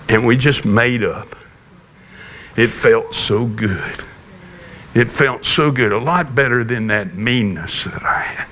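A man preaching a sermon, telling a personal story in a folksy, gently humorous way. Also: mid-range voice, a little slow, slight background noise. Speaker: pastor.

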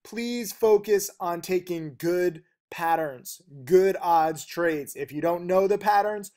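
A man giving a fast, emphatic and blunt video lesson on trading, talking rapidly with fillers like "okay" and "you know". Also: sits high, a little mellow. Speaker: trading teacher.

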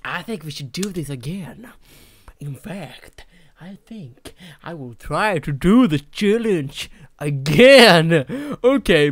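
A young adult gamer with a Swedish accent, giving giggly, shouty commentary while playing and talking to the game characters. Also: medium pitch. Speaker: let's play gamer. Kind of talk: excited gameplay commentary.

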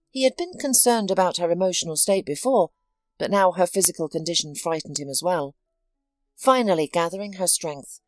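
A woman narrating a dramatic story with scripted, expressive delivery. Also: lowish voice, no room sound, studio quality.

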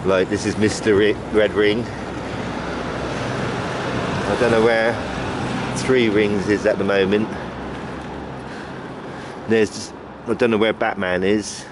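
A man's voice: lowish voice, little pitch movement, slow, long pauses. Chatty man in his fifties. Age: 50s. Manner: chatty, rambling, calls out fondly to pigeons by name. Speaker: vlogger. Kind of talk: casual walk-and-talk vlog. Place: outdoors on an urban street. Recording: outdoor traffic noise behind.

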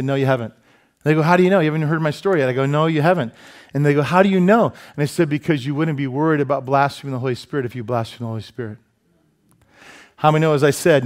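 A male pastor preaching a sermon, telling stories with lively asides and self-deprecating humor. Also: fairly high pitch. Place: church sanctuary.

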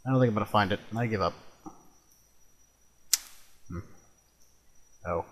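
A young man casually commenting on his own gameplay, chatty and quick to swear and exclaim. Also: fairly low pitch, dull audio. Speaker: let's play host.

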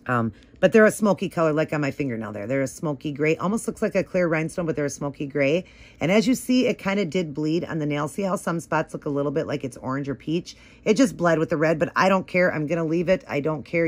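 A woman with a notably low voice talks through her nail art at home. She rambles casually, full of "like" and "um", explaining each step as she paints. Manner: chatty, rambling, many "like" and "um" fillers. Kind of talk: casual tutorial talk.

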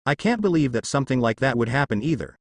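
A man's voice: mid-range voice, sing-song, quick pace, no echo, studio quality. A man voicing a brash, smug young male ninja in a story read aloud.

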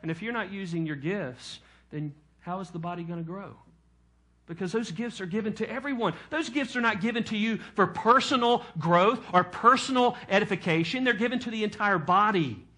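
Bright-voiced, high-pitched male pastor preaching. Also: a little fast. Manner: emphatic preaching with questions to the congregation. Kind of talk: sermon.

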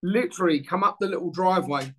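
Fast and high-pitched, a man in his sixties performs the dialogue of an anecdote as he tells it. He's a former footballer being interviewed casually, and he tells the story with lively energy.

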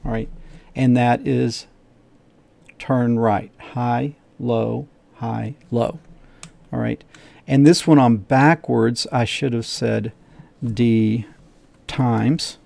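Slow, gravelly middle-aged male teacher. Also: medium pitch, steady tone, darkish tone, no echo. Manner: thinks aloud, repeats steps, checks himself. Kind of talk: screen-share coding lesson.

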